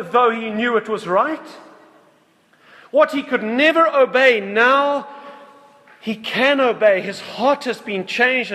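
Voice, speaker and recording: A man preaching a sermon, retelling a story slowly and earnestly, often restarting his phrases. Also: very high voice, a bit bright. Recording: long hall reverb.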